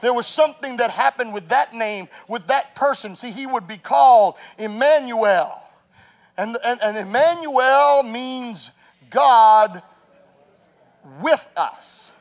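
High-voiced preaching pastor. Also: male voice, slow pace. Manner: preaching, builds to shouts, tells stories with laughter. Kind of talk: sermon.

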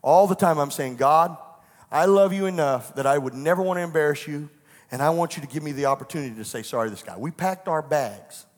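A man's voice: fairly high pitch, fast talker, long reverb tail. A middle-aged man, a pastor, preaching a sermon that moves from personal storytelling into fervent preaching in a church. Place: church sanctuary.

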